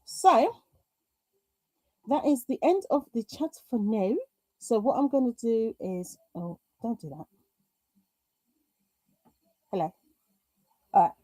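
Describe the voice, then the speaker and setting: Chatty British woman, lively pitch. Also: dry recording. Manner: chatty, reads chat aloud, talks to herself through tech glitches. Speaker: live stream host. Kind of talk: chatty live craft stream.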